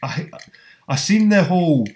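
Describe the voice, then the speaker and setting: A man with a Scottish accent, hosting a casual online hangout from his council flat, blunt and sweary, calling people man and mate. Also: high voice, unhurried, over a noisy crowd. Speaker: host. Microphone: video call.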